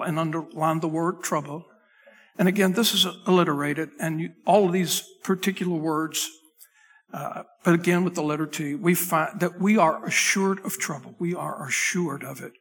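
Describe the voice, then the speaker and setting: A man with a slightly high, husky voice preaches from the pulpit into a microphone. His talk is loose and conversational, full of restarts and asides to the crew at the back. The sound carries a long reverb from the sanctuary. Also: fairly bright tone. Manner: loose, chatty delivery with frequent restarts and asides to the tech crew. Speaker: pastor. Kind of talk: conversational sermon. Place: church sanctuary.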